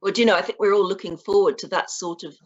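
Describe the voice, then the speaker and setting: A middle-aged woman interviewing a guest, gently prompting him with encouraging questions. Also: mid-range voice, quick pace. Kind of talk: casual interview chat. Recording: dull lo-fi audio.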